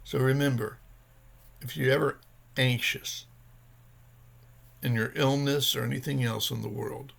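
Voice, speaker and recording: Earnest rambling man with a gravelly voice. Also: mid-range voice. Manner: earnest, rambling, searching for words. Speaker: vlogger sharing his recovery journey. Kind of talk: casual personal vlog talk.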